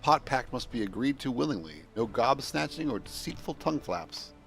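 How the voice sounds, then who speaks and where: A man's voice: medium pitch, big pitch swings, moderate pace, gravelly, a bit bright, soft background music. A man voicing a small, formal male announcer while reading game dialogue aloud, in clipped, proclaiming phrasing.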